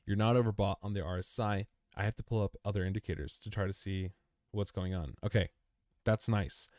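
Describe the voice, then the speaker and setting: A young crypto livestream host talks through price charts casually and a little fast, his fairly low, darkish voice keeping a fairly even intonation. The recording is dry and clean, with studio sound. He's chatty and repetitive, treats the chart as "you," and says "man," "dude," and "bro."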